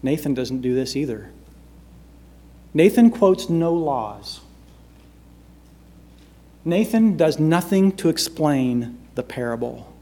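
A male preacher delivers a sermon in a high voice. He leans hard on key words, then drops to a near hush for effect. His tone is dramatic and built for a congregation. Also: lively intonation, takes it slowly, long pauses. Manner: dramatic, shifts between loud emphasis and hushed delivery.

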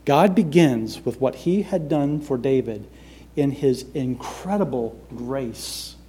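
A male preacher giving a sermon, swinging between loud emphatic lines and hushed, quiet ones. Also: mid-range voice, expressive, slow, slight background noise.

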